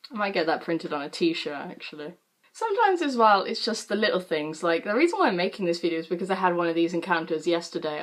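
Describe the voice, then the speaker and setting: With a lowish voice, a late-teen British woman vlogs to camera, chatting through a story in an animated, easygoing way, full of filler words and offhand swearing.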